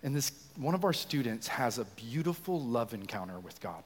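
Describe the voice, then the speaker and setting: A young man preaches with fiery passion, his voice lifting almost to a shout as he pushes his point. His tone sits a little higher than most men's, and the church hall gives every phrase a long, ringing tail. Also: big pitch swings, normal speed, hardly any pauses. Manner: passionate, often raises voice to near shouting. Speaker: youth pastor leading worship. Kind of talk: sermon. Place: church sanctuary.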